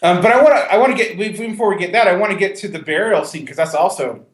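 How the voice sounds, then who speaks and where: Podcast co-host, male, raised pitch, roomy echo, loose and conversational film talk. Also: fast. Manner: conversational, with frequent restarts and a little laughter. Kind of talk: casual film discussion.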